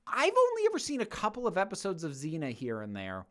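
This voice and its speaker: An American man hosts a livestream, casually fielding chat questions with rambling jokes, plenty of fillers, and restarts. His voice sits high and a bit bright, swinging hugely in pitch as he talks fast.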